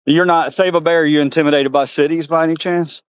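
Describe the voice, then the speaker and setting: A man's voice: a little high, steady tone, fast talker, clear, resonant tone, no echo. A man vlogging outdoors at a zoo, chatting to viewers and talking to the animals. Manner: chatty, laughs often, talks to animals. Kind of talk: casual chat to viewers.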